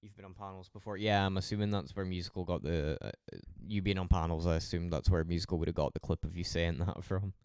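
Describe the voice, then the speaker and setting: A Scottish man on a live stream, talking loosely and swearing constantly. His voice sits very low and sounds smooth and resonant. The recording is close and dry, with no room sound. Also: steady tone, fast talker, few pauses, a little mellow, no room sound. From Scotland. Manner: rambling, heavily profane banter. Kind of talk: casual live-stream chat.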